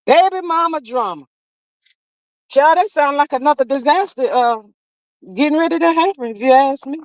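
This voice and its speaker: A woman with a fairly high voice hosts a relaxed livestream, talking with her viewers in a homespun, familiar way. She calls her listeners "child" and "honey" and drags out words to stress them. Her voice sits close and dry, with no room sound. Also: normal speed, no echo, poor audio. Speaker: livestream host. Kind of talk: casual livestream chat, reading viewer comments.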